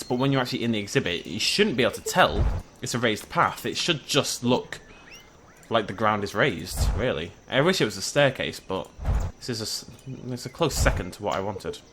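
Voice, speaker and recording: A man giving excitable, chatty gameplay commentary and talking to the animals on screen. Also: mid-range voice, a little fast, slight background noise. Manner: excitable, chatty, talks to the creatures. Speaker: gaming YouTuber. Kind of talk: game commentary.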